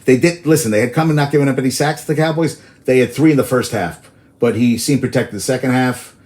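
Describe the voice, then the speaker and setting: A man's voice: medium pitch, fast talker, darkish tone. Rambling casual sports-talk host, man. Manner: rambling, tangent-prone, swears freely. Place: outdoors in New York.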